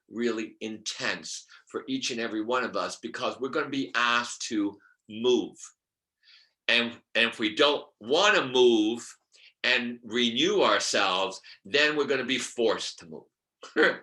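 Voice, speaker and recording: A middle-aged man on a video call explaining numerology in an expressive teaching style, dropping now and then to a whisper and asking his listeners questions. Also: medium pitch. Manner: expressive, drops to whispers, asks the audience questions. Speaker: numerologist guest. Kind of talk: animated teaching talk. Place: room with brick wall.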